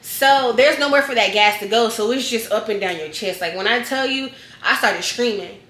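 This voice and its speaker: A woman vlogger telling a storytime in a casual, slangy way, animated and acting out scenes. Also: a little high, moderate pace. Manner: animated, slangy, acts out scenes with loud yells. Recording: echoey room.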